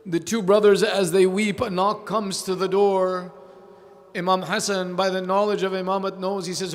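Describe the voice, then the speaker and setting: A man preaching a mourning sermon, building from a slow, low telling to a loud, wailing lament. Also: flat delivery. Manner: quotes figures in a pleading voice without acting them out.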